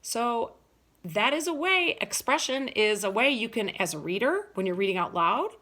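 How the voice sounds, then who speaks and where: Animated woman teaching a lesson. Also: a little high. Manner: animated, explains slowly, asks the listeners questions. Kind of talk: recorded lesson for children.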